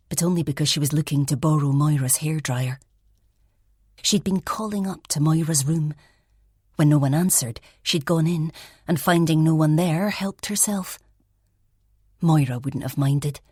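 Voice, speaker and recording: In a low, husky voice, a woman reads a first-person mystery audiobook, narrating softly and reflectively and often sinking toward a whisper. The recording is dry and close-miked, with no echo.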